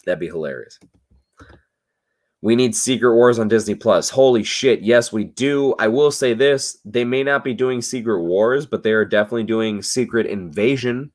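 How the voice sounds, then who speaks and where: A man hosting a casual after-show livestream, slightly tipsy, swearing freely and answering chat comments with sudden excited jumps. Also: normal speed. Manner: loose, swearing, swings between low mutters and excited outbursts. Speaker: livestream host reading chat.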